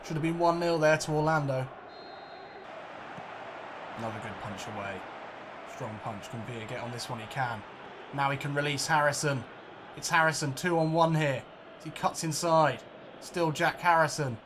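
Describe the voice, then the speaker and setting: A man commentating his own football video game match like a broadcaster, jokey and prone to excited outbursts and swearing. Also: on the high side, moderate pace, long pauses, noisy background. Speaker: let's play gamer. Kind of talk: mock football commentary over gameplay.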